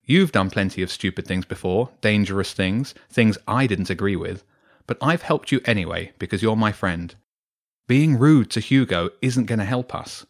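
A man voicing a firm, sensible schoolgirl who scolds her friend, in a bedtime story. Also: fairly low pitch.

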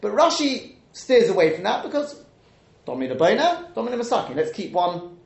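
A man teaching a Talmud class, questioning the texts out loud and mixing in Hebrew and Aramaic terms. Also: sits high, sing-song, normal speed, gravelly, roomy sound.

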